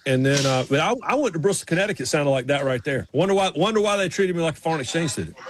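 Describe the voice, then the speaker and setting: A man's voice: on the high side, expressive, very fast. A man with a Southern US accent from North Carolina, co-hosting a radio show in playful, rambling banter. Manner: playful, rambling, lots of restarts. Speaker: co-host.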